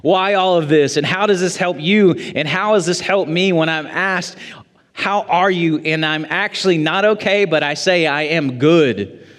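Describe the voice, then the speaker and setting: A man preaching a sermon as pastor, quoting scripture in a measured way and building to emphatic high points. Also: fairly bright tone. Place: church sanctuary. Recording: long church reverb.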